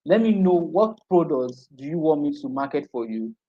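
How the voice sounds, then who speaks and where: A man's voice: a little high, expressive, normal speed. A man teaching a live-streamed class, repeating points and checking in with "okay?" after each one. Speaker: online marketing instructor. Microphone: streaming setup. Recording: dull lo-fi stream audio.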